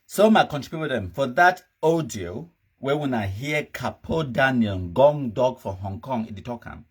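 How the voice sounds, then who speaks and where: A man's voice: medium pitch, animated, normal speed, breathy edge. A man speaking Cameroonian Pidgin English, hosting a live commentary show in an emphatic, scornful, ranting manner. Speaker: host.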